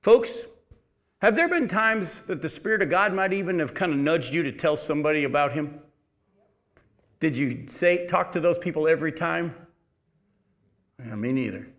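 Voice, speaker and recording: Animated, fairly high-voiced male preacher. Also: normal speed, long pauses. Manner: animated, emphatic preaching with sudden loud rises and quiet drops; asks the audience questions and answers them himself. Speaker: Bible study teacher. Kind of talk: expository Bible teaching.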